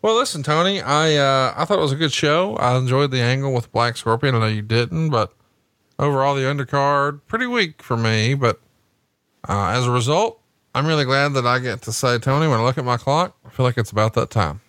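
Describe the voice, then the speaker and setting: Bright, teasing male podcast co-host. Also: medium pitch, expressive, a little fast, no echo. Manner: joking, teasing, profane. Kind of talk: casual podcast chat, mock commentary.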